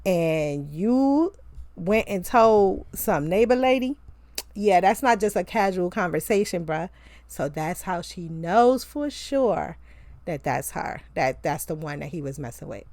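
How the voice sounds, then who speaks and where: A young woman recapping a TV show in a loose, chatty way, tossing in slangy asides and getting animated. Her voice sits a little low. The sound is dry and close, with no room around it. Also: unhurried, no echo. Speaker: TV show reviewer. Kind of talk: casual episode recap.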